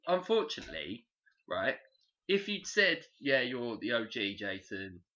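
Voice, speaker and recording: A man's voice: medium pitch, sing-song, unhurried, sharp tone. A man co-hosting a casual podcast, joking and rambling as he talks and swearing freely. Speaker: podcast co-host. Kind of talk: casual chat. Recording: dull lo-fi podcast audio.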